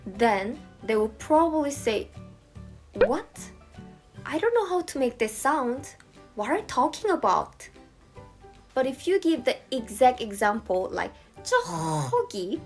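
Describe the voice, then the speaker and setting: Young korean lady explaining language stuff, high bouncy voice, bit of music behind. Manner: playful, acts out short example dialogues. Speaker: language teacher. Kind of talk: casual language lesson.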